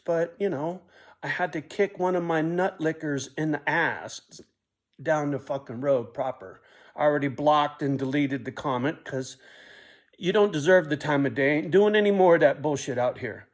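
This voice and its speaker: Profane middle-aged man vlogging. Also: a little high. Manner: profane, rambling, self-reflective, often ending lines with a muttered "right?". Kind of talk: casual monologue vlog.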